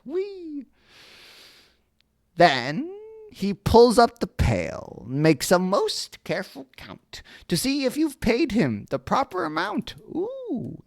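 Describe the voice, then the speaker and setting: A woman's voice: medium pitch, huge pitch swings, unhurried, vocal fry, darkish tone. A woman reading a children's story aloud, often stopping for playful, joking asides and correcting her own stumbles over the made-up words. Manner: playful, self-interrupting, swears then apologizes.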